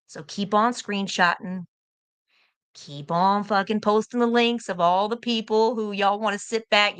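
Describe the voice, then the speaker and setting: A woman's voice: medium pitch, sharp tone. A young American woman arguing heatedly on a livestream, confrontational and profane, hammering her points by repeating them. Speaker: livestream guest.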